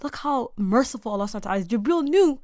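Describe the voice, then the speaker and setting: A young woman hosting a podcast in a dark studio, talking earnestly about faith with halting restarts and rising emphasis. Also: fairly high pitch, lively intonation, no room sound. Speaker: podcast host. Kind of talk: casual faith-centered conversation.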